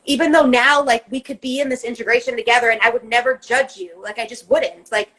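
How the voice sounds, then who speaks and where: High-voiced woman, rambling and emphatic. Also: steady tone, fast talker, a bit bright, poor audio. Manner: rambling and emphatic, swears often. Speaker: co-host. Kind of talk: casual podcast chat.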